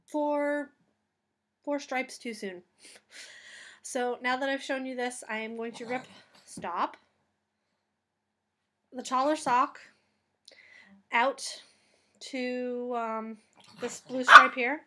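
A woman chats about her knitting in a bright, forward voice that sits a little high. She rambles, goes off on tangents and pokes fun at her own slip-ups. She sounds tired as she talks from home. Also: fairly even intonation, takes it slowly, pauses often. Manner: chatty and rambling, going off on tangents; self-deprecating, laughing at her own mistakes. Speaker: knitting vlog host. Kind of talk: casual chat. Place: at home with a cat on her lap.

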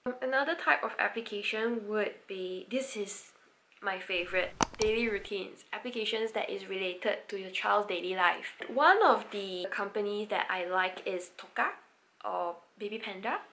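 A woman's voice: medium pitch, normal speed, pushed and bright. A woman giving patient instructional advice to parents, breaking into sing-song counting demonstrations. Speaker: parent educator.

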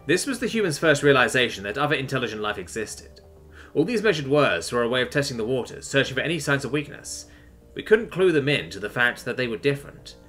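A male storyteller reads a first-contact tale with a lively, animated pitch. His delivery is tense and dramatic. His tone is bright and forward. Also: a little fast, soft background music. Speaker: narrator. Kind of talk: audiobook story narration.

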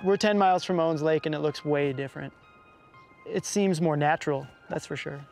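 Male documentary host, reflective voice-over, slightly high voice, music clearly underneath. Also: brisk, a little mellow. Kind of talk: documentary narration.

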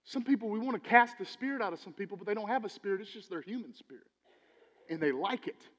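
A man preaching a sermon as pastor, animated, swinging between loud emphasis and quiet asides. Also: sits high, quick pace. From Texas. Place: church sanctuary. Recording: church hall with long reverb.

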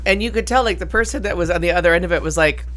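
Woman, podcast co-host, casual chat, rambling storyteller, swearing, bright tone. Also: fairly low pitch, racing.

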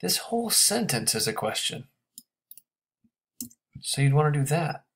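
A man teaching a grammar lesson, explaining step by step and checking in with quick questions. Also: a little high, big pitch swings, vocal fry, fairly bright tone.

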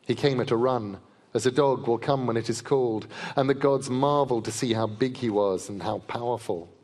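Man, author reading aloud, measured vivid storytelling, middle pitch, long hall reverb. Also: a little mellow. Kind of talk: storytelling reading to a live audience. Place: large festival hall.

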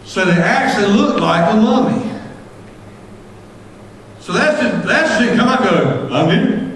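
High-voiced pastor in echoey hall. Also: male voice, animated, measured pace, slight background noise. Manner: impassioned, shouting at peaks, folksy storytelling. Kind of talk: sermon. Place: church sanctuary. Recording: echoey church hall from far off.

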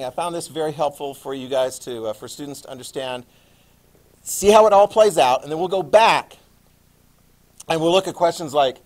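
A male history teacher lecturing a classroom in a playful, animated way, adding sound effects. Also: fairly high pitch.

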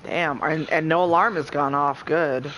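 A man chatting casually while streaming a co-op game, excitable, laughing often and swearing freely. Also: on the high side, a little slow, a little hiss or hum. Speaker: gameplay streamer. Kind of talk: casual co-op gameplay chat.

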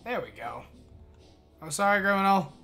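A young man streaming a game live, chatting excitedly, swearing and thanking his viewers. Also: high voice, normal speed, faint music behind.

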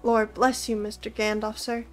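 A timid young country gardener who pleads in a high voice and drops his g's, as a woman reading aloud puts him on. The voice sits above her usual pitch and comes through a little louder. Soft music plays underneath. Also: little pitch movement, normal speed, close to an everyday voice. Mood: flustered. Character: timid young male gardener hobbit, rustic. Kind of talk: storybook reading.

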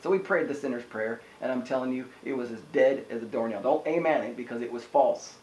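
A man preaching a sermon in an energetic, conversational way, often asking the listeners "amen?". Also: mid-range voice, fairly quick, reverberant, slight background noise, rough recording. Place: house church room.

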